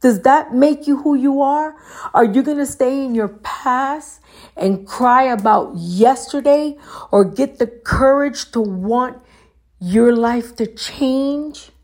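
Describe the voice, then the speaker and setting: A woman's voice: sits high, slow, a little mellow. A woman giving an earnest motivational talk, asking the listener pointed questions. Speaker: motivational speaker.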